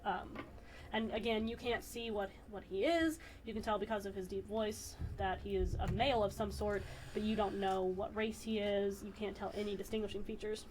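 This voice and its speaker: A woman narrating a tabletop game as game master, rambling and pausing with fillers. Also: mid-range voice, steady tone, darkish tone, slight background noise, rough recording.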